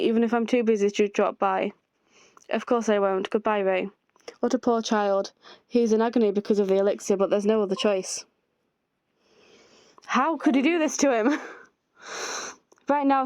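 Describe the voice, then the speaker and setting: A woman reads a visual novel aloud as she plays, voicing every character herself and dropping in her own comments. Her voice is fairly high, with a darkish, clear and resonant tone. There's no room sound.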